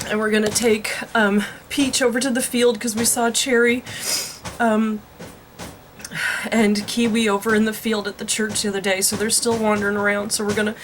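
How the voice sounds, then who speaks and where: A woman in her thirties talking in a casual personal vlog, emotional and drained, rambling with sighs and halting starts. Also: medium pitch, flat delivery, a little hiss or hum. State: tearful, drained. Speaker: pet vlogger.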